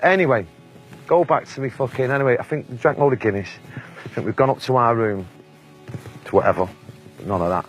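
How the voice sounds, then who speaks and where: A man's voice: medium pitch, fast talker, pauses often, soft background music. A Mancunian man in his forties, telling blunt, sweary anecdotes in a casual interview and laughing often. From England.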